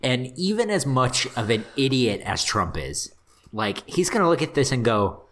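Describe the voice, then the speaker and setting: A man's voice: mid-range voice, big pitch swings, normal speed, fairly bright tone. A man co-hosting a comics podcast, chatting and joking with the others. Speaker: podcast co-host. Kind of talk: casual chat.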